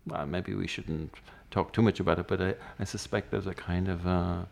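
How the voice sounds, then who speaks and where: A man interviewing a poet, asking measured, probing questions with a few fillers. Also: deep voice, fairly even intonation, gravelly.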